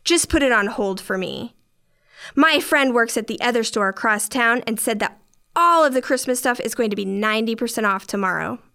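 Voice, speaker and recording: This is a pampered, demanding rich woman, as a woman narrator puts her on, snapping at a cashier. The voice sits high and pushes hard, haughty and sneering as she insists on her way. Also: lively intonation, normal speed, vocal fry, bright, forceful tone, clean tone, exaggerated voice. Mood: snappish. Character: entitled wealthy woman customer, rude and demanding.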